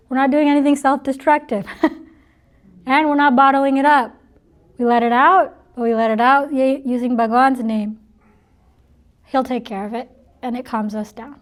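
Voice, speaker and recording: A middle-aged woman giving an informal spiritual talk to an audience, chatty and joking, laughing often between her points. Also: high voice.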